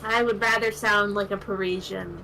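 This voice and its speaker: A woman's voice: mid-range voice, steady tone, normal speed, vocal fry, pushed and bright, low-quality recording. A young Canadian woman with a Canadian accent, chatting casually and rambling with lots of fillers while a game is played. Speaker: guest co-commentator. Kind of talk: casual chat over gameplay. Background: game music.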